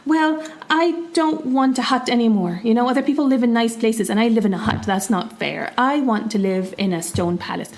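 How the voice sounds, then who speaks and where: A woman's voice: fairly high pitch, fairly quick, few pauses, close to an everyday voice. A woman voicing a greedy, demanding fisherman's wife while retelling a children's story in a podcast chat.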